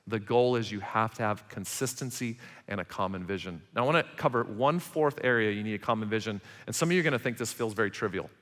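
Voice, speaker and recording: Animated man preaching in a hall. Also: medium pitch. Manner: animated, emphatic, acts out parents' quarrels. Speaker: pastor. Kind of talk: sermon. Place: church auditorium. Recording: large hall reverb.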